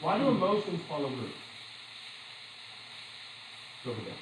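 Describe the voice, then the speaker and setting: A man's voice: a little high, normal speed, noisy background. Chatty man lecturing in an echoey room. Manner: chatty, animated storytelling with laughs and asides. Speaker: teacher. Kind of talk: classroom lecture with anecdotes.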